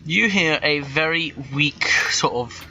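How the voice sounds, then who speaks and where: A man running a tabletop game as game master over a voice call, talking in halting bursts full of restarts. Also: on the high side, sharp tone. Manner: halting, with many restarts and stammers. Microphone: computer microphone on a voice call. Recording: dull voice-chat audio with faint noise.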